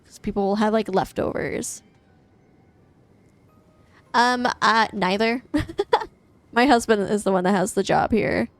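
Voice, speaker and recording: Playing a game on a home live stream, a young woman from the American Midwest talks slowly at medium pitch, pausing often. She rambles in casual chat, laughs a lot and curses freely, with no room sound in the recording.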